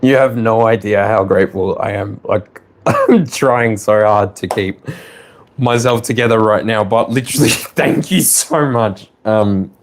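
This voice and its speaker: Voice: mid-range voice, unhurried, slight background noise. A tarot reader with an Australian accent who gushes with thanks, laughs often and talks while close to tears. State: near tears. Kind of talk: casual online tarot reading.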